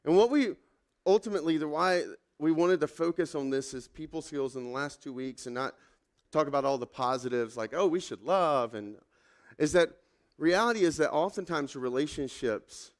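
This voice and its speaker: Conversational man preaching, slightly high voice. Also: moderate pace. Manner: conversational, self-deprecating storytelling with many fillers. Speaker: pastor. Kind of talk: sermon.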